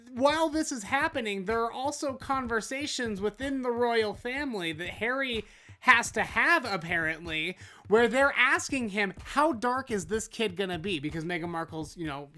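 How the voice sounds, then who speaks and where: A woman's voice: a little high, bright, forceful tone. A woman hosting a comedy news show, ranting sarcastically and mocking the people in the stories.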